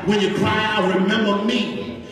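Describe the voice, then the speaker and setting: A man's voice: high voice, level tone, a little slow, a bit bright, some chatter behind. A man preaching a Baptist sermon in a chanted, sing-song style, catching an "uh" breath between phrases, recorded in a church sanctuary. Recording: echoey church from far off with organ.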